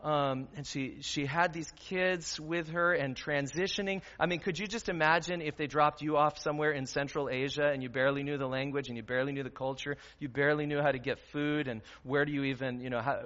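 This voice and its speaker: A pastor delivers a sermon in a chatty, earnest manner, and his voice has a bright, forceful edge. He sits a little higher than most men. The sound is dull and lo-fi, with a long reverb from a church hall. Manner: earnest, conversational preaching with fillers.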